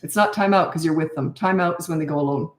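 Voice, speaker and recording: Older lady parenting coach, blunt and frank, lowish voice, roomy echo. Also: quick pace. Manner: blunt, frank, self-mocking. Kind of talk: answering viewer questions.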